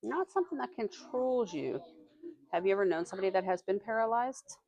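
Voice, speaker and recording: A woman teaching a classroom reading lesson, reading passages aloud slowly and stopping to quiz her students. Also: medium pitch, a little mellow.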